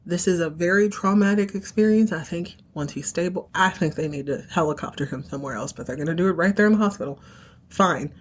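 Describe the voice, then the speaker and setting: A woman with a fairly low voice, chatting casually as she recaps a soap episode. She tells the story with animated emotion and slips into the characters' lines as she goes. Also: fast. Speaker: podcast host recapping a soap opera.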